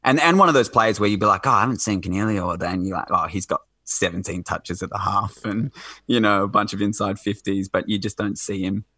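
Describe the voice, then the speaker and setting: A man's voice: fairly low pitch, fairly quick, sharp tone, no echo. A man chatting casually as a podcast guest, rambling with lots of fillers and restarts.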